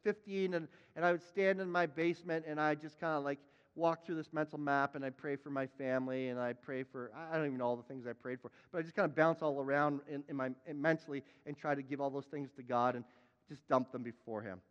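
A man preaching a sermon as a pastor, emphatic, repeating his words and now and then crying out loud. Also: fairly high pitch, steady tone, brisk, clean tone, in a large hall, highs cut off.

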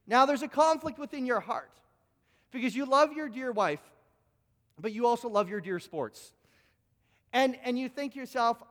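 A man's voice: very high voice, animated, normal speed, pauses often, a bit bright, big-room sound. A man preaching a sermon, telling stories animatedly, acting out both sides of conversations and often stumbling over repeated words. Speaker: pastor.

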